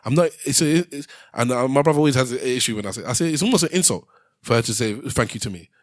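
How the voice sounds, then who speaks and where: Podcast host, man, quick delivery, dry close sound. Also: medium pitch, animated, dry recording. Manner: storytelling, acts out quotes with many restarts. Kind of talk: casual podcast chat.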